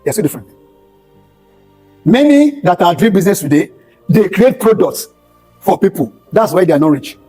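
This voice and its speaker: Husky high-voiced Nigerian pastor. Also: male voice, sing-song, moderate pace, long pauses, warm tone, faint music behind, poor audio. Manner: emphatic, repeats key phrases. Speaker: pastor and speaker. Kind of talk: motivational talk with sermon-like storytelling. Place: event hall at a skills bootcamp.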